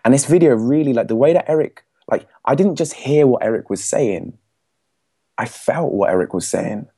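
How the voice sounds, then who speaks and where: A young English man with an English accent, a podcast guest telling his story in an animated way, laughing often and acting out what others said. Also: mid-range voice, normal speed, slightly rough. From England. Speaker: podcast guest, speaking coach. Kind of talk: casual storytelling.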